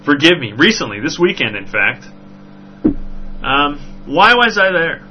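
A man hosting a podcast, telling a story in a rambling, animated way with frequent "right?" asides. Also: a little high, unhurried. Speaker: podcast host. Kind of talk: casual storytelling chat. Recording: dull lo-fi recording with faint hum.

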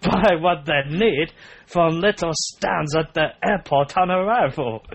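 A man's voice: on the high side, unhurried, pitched above the performer's own voice. A man voicing a disdainful French woman in an over-the-top, giggly put-on French accent. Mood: scornful. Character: scornful French woman commenter.

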